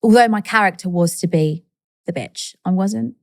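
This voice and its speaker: Quirky animated woman telling stories. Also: lowish voice, normal speed, dry recording, clean studio sound. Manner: animated, quirky, acts out quoted people. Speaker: guest. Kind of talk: candid interview storytelling.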